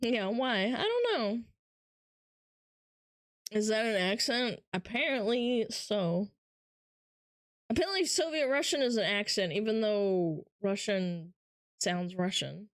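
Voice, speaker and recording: A woman's voice: medium pitch, expressive, slow, pauses often, no echo, clean studio sound. A woman streamer chatting casually with her viewers, joking and swearing and laughing often. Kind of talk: casual live-stream chat.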